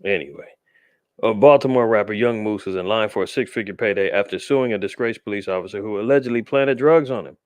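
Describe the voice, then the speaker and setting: A podcast host offers casual commentary on the news, speaking loosely with slang and frequent restarts. His voice is fairly low and a little mellow, he talks fast, and there's no echo.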